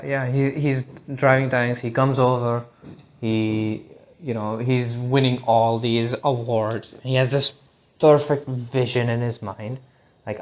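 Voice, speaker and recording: A man's voice: mid-range voice, muffled recording. A man hosting a solo podcast in a loose, rambling monologue, swearing freely and often restarting his sentences. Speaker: podcast host. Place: lives in India.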